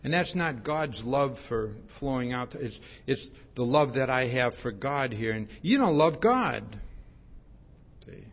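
Heard on a dull lo-fi recording, a man preaches an expository, verse-by-verse sermon in an expressive, medium-pitched voice at a measured pace. He tends to end points with "see?" and repeats and restarts phrases.

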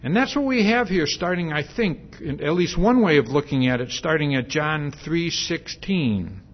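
A man's voice: fairly high pitch, lively intonation, normal speed, dull audio. A man preaching a sermon in a conversational way, with many fillers and restarts, and asking the congregation questions.

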